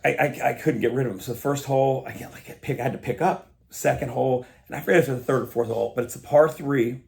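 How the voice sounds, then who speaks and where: A man as a podcast guest, telling stories in a casual, animated way and acting out the dialogue. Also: medium pitch, fast talker, gravelly. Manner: animated storyteller, acts out quoted dialogue. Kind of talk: casual storytelling chat.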